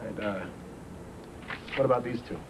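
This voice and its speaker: Actor playing a brusque American detective. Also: male voice, fairly low pitch, moderate pace, close to an everyday voice. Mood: questioning. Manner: brusque, pushy questioning. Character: blunt American police detective. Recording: noisy old videotape broadcast.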